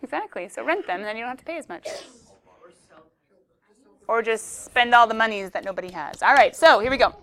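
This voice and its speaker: A woman's voice: a little high, expressive, brisk, long pauses, fairly bright tone. A woman teaching a classroom math lesson, playful and joking with her students as she works a problem.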